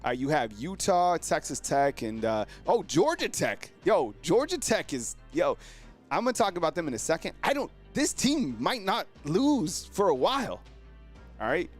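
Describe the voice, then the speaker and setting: Animated man with a lively pitch. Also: normal speed, soft background music. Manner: animated, exclaims and addresses viewers as fam; slangy, filler-heavy delivery. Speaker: sports show host. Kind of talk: casual live-stream commentary.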